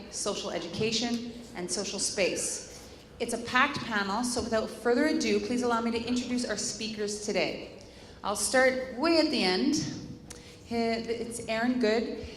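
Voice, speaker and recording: A woman introduces a panel from the front of a conference hall, chatty and quick with jokes, now and then tripping over a name. Her voice rings through a long-echoing room with a faint hum behind it. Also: on the high side, fairly bright tone. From Canada. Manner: chatty, joking asides, stumbles over names. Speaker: panel moderator.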